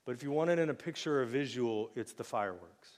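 A man preaching a sermon in a casual, joking way, with sudden loud acted outbursts. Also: medium pitch, animated, quick pace, long reverb tail. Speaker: pastor. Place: church sanctuary.

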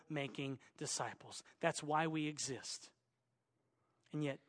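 A man pastor preaching a sermon, swinging between loud, urgent exhortation and quiet, earnest appeals. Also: fairly high pitch.

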